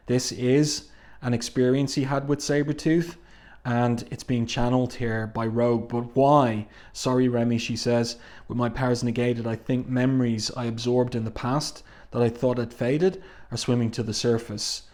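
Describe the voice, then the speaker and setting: A man's voice: level tone, normal speed. A man casually reviewing a comic book, reading its dialogue aloud with many fillers and restarts. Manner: reads dialogue aloud in a low, hushed tone, with fillers.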